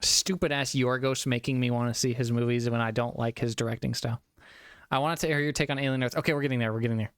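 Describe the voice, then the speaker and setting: Fast and smooth, with medium pitch and fairly even intonation, a young man rambles through a casual movie review on a live stream. A little tipsy, he swears and laughs frequently, in a dry, studio-quality recording.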